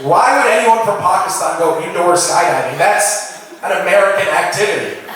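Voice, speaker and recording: Bright-voiced young man doing stand-up. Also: high-pitched. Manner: animated, riffing with the crowd, quick asides. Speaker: stand-up comedian. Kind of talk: stand-up comedy set. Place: comedy venue with a live audience. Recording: echoey room, mic heard from a distance.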